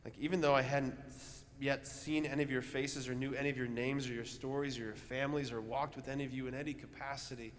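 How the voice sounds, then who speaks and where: A man's voice: mid-range voice, steady tone, quick pace, few pauses. A young adult male priest giving a homily, telling a story conversationally with many fillers and restarts. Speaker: parish priest. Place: large church. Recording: church reverb with faint ambience.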